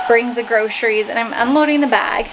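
At home, a woman chats casually for her vlog, laughing often and teasing herself. Her voice leans high and moves at a moderate pace, and the home recording is noisy.

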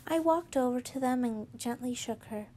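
A woman casually reading fanfiction aloud, halting as she goes, with frequent restarts and self-corrections. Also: high voice, warm tone, a little hiss or hum. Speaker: fanfiction reader.

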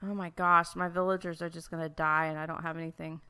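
A woman's voice: deep voice, little pitch movement, fast, sharp tone, clear, resonant tone. A woman hosting a let's-play, chatting casually through her gameplay, easily flustered and full of exclamations and restarts.

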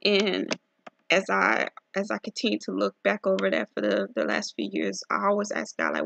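Earnest woman with a gravelly voice. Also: medium pitch, wildly swooping pitch, a bit bright, a little hiss or hum. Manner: earnest, halting, repeats herself with many fillers. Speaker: testimony speaker. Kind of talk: personal religious testimony.

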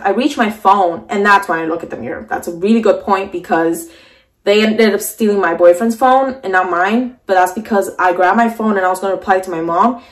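Emotional young woman telling a storytime. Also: mid-range voice. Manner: shaky, emotional retelling with many fillers. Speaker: vlogger. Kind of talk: storytime vlog. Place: sitting on the floor at home. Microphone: camera mic.

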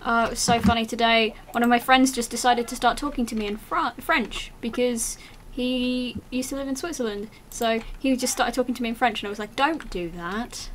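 A woman's voice: on the high side, brisk, hardly any pauses, a little hiss or hum. A woman chatting casually while gaming, with a teasing, sardonic manner. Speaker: gaming host.

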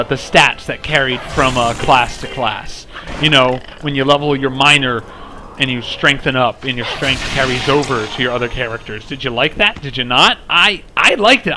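Guy streaming a game, chatty and rambly, hums little tunes, bright kinda high voice, soft game music behind. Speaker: live-streaming game host. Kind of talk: casual game live stream chat. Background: faint game music.

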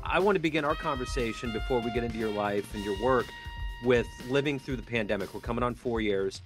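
A man's voice: mid-range voice, fast, over music. A man hosting a casual interview, friendly and rambling, often trailing off mid-thought. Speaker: interview host.

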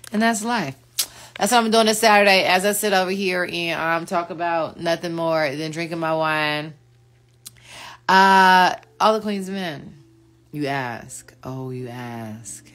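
A middle-aged woman talks casually to camera in a low, easy voice, full of slang and playful teasing. Faint music sits underneath. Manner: relaxed, slangy, playful banter. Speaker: vlogger and mother.

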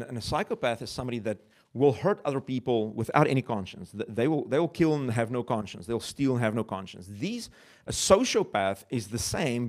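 Animated man preaching a sermon. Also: medium pitch. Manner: animated preaching with rhetorical questions to the audience; conversational, with self-mocking laughs. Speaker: pastor.

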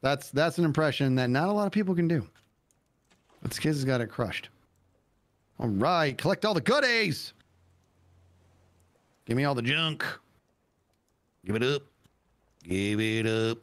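A man's voice: medium pitch, normal speed, long pauses. A man in his forties playing a game with a friend, silly and playful, full of singsong sound effects. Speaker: guest co-player. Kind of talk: casual gaming chat.

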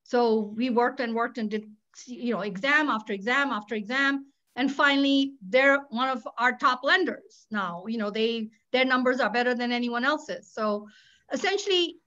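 A woman's voice: fairly high pitch, moderate pace, sharp tone, dull audio. An older woman, a public interest lawyer, talking candidly and animatedly on a webinar panel, with sarcastic asides. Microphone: video call.

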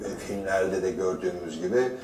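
A man's voice: sits low, brisk, darkish tone. A male actor talking confidently in an interview clip, explaining things at length. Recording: echoey, distant, with faint room noise.

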